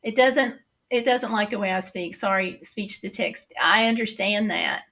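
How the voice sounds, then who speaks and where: In a mid-range voice that's a bit bright, a middle-aged woman with a Southern accent talks at normal speed while hosting a casual livestream. She's chatty, reading viewers' comments aloud and answering them.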